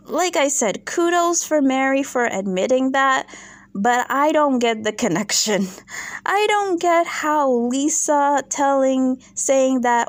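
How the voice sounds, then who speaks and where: A woman's voice: fairly high pitch, expressive, unhurried, no echo. A woman hosting a casual reality TV recap, opinionated and sarcastic. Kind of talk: casual commentary vlog.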